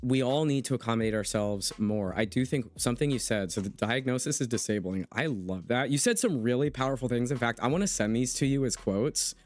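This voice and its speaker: A man's voice: medium pitch, animated, a little fast, hardly any pauses, darkish tone. A man hosts a casual livestream conversation, his voice sitting in a middle register. He talks in an emphatic, impassioned way and breaks off to read comments from the chat. Faint music plays underneath. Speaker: livestream host interviewing a guest.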